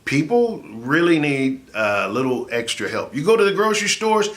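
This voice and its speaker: A man, a comedian and laugh therapist, giving an animated, jokey motivational talk that rises into shouts for effect. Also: a little high, normal speed.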